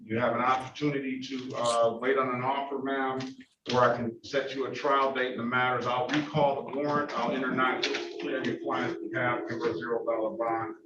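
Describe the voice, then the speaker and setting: A man working as a judge running court hearings, procedural and halting, with frequent fillers. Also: mid-range voice. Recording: distant, roomy, dull audio with loud noise.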